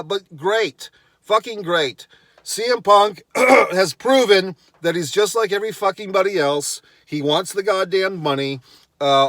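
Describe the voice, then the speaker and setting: A man's voice: sits high, fairly bright tone, no room sound, clean studio sound. A man delivering a profane, sarcastic rant on his vlog, blunt and dismissive in tone. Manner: sarcastic, heavy swearing. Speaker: wrestling commentator.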